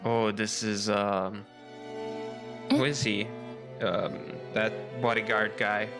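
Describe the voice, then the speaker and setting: A man casually commenting on a visual novel as he plays, with excited asides. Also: on the low side, slow pace. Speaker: let's play streamer. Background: loud game music.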